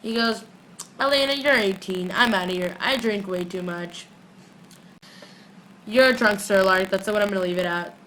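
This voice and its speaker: A young woman chatting casually in a fan video recap, giggly and animated, often slipping into quick quoted voices for the characters, recorded on a phone. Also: mid-range voice, a little hiss or hum, low-quality recording. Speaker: fan vlogger recapping a TV episode.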